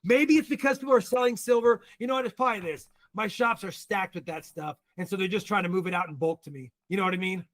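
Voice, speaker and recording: American man, high-pitched voice, lively guest storyteller, chatty. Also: fast talker, hardly any pauses. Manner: animated storyteller. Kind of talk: casual livestream chat.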